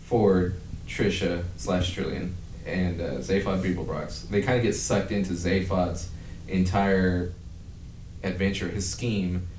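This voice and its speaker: Low-voiced man rambling in an echoey room. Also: fairly even intonation, unhurried, darkish tone, far from the mic, a little hiss or hum. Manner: rambling, profane, breaks into laughter. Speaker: podcast host. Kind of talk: casual chat.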